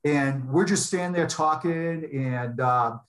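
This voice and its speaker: A man from New England, a retired sheriff's deputy, telling a personal story in an interview in an earnest, heartfelt way with halting restarts. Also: on the high side. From Boston area, New England.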